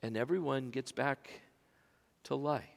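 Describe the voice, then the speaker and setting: A man preaching a sermon as pastor in a church sanctuary, swinging between loud emphatic passages and hushed near-whispers. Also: medium pitch, a little slow, creaky. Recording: long reverb of a large church.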